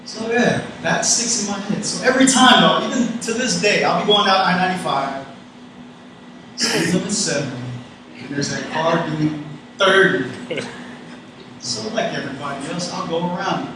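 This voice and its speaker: A man's voice: high voice, normal speed. A young adult man from North Carolina, giving a casual, folksy graduation speech that addresses the audience directly. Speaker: guest speaker. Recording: echoey hall, distant mic, noisy.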